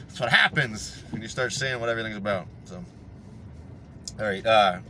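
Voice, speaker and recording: A man's voice: on the low side, normal speed, pauses often, a little hiss or hum. A man delivering a blunt, profanity-heavy motivational rant from inside a car. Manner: blunt, heavy swearing, animated. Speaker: fitness vlogger.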